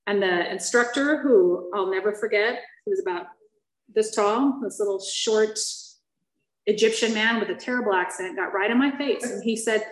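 A woman's voice: medium pitch, moderate pace. A middle-aged woman sharing her recovery story with an audience. She tells it candidly and with self-mocking humor, and she falters with fillers and restarts at the painful parts. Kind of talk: personal testimony to a listening audience. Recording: echoey room.

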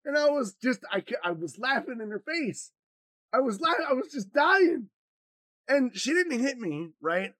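A man from Wisconsin co-hosting a podcast, telling a rambling, profane story in a loose, animated way. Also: extremely high pitch, unhurried, dry recording. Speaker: podcast co-host. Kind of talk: casual podcast chat, storytelling.

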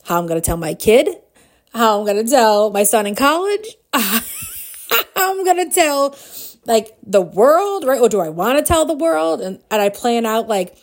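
A woman in her forties hosting a podcast, telling a personal story in a casual, animated way, with frequent laughs and fillers. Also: fairly high pitch, normal speed. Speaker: podcast host.

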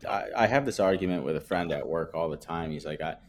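A man's voice: deep voice, fast, a little hiss or hum. A man co-hosting a casual sports podcast, talking in a laid-back, shrugging way. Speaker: podcast co-host. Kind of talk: casual chat.

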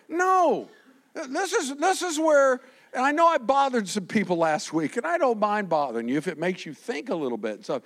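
A pastor preaching a lively sermon, acting out the quotes he reads and swinging from shouts to quiet asides. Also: a little high, moderate pace. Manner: animated, swings from shouting to soft, acts out quotes.

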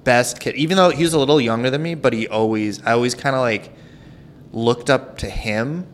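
A young man co-hosting a podcast, chatting casually in an earnest, halting way. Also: mid-range voice, a little hiss or hum. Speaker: podcast co-host. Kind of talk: casual chat.

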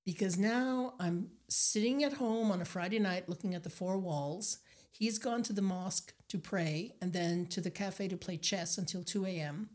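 Older woman telling lively travel stories. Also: medium pitch, moderate pace. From Nova Scotia, Canada. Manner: animated anecdotes, acts out quoted voices. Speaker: guest. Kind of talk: storytelling interview.

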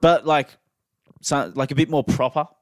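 A man's voice: on the high side, fairly even intonation, normal speed, no echo, clean studio sound. A young Australian man co-hosting a podcast, rambling casually with lots of fillers and restarts. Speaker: podcast co-host. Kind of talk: casual chat.

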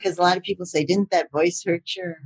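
Chatty older woman guest, husky voice, easy laughs, lots of ums. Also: on the low side, fairly even intonation, a little fast. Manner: chatty, laughs often, many fillers. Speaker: voice actor guest. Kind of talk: casual interview chat.

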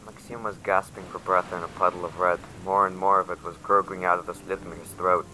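A man narrating in the first person as a frightened young survivor, quiet and tense. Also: sits low, little pitch movement, fairly quick, slight background noise, poor audio. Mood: shaken. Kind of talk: audio drama narration.

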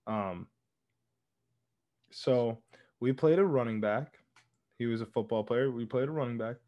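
A man's voice: mid-range voice, a little slow, muffled recording. A young man co-hosting a podcast, telling stories in a laid-back, casual way. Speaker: podcast co-host. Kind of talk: casual chat.

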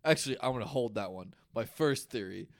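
A man co-hosting a casual podcast, spinning a creepy folk tale with plenty of swearing. He talks in an animated way and breaks into laughter often. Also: medium pitch, fairly quick, vocal fry. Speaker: podcast co-host. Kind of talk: casual chat, storytelling folklore.

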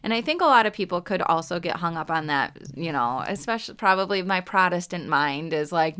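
A woman's voice: lowish voice, expressive, moderate pace, hardly any pauses, fairly bright tone, clear, resonant tone. Earnest woman giving a devotional talk. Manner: earnest, heartfelt, near tears at times. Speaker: faith podcast host.

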